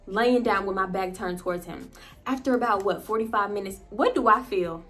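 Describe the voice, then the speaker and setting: A woman vlogger recounts a personal story in a medium-pitched, fairly quick voice. She's casual and animated, frequently turning to address her viewers and laughing.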